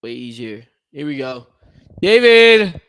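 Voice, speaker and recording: A man's voice: on the high side, normal speed. A young man co-hosting a sports livestream, chatting casually and rambling while he waits for his partner, yawning now and then. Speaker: podcast co-host.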